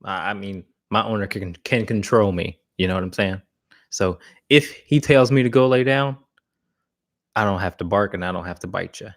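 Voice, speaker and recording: A man voicing a protective male German Shepherd dog that is relaxed toward a guest its owner has accepted, talking in a casual, laid-back way in a low voice. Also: moderate pace, lightly acted.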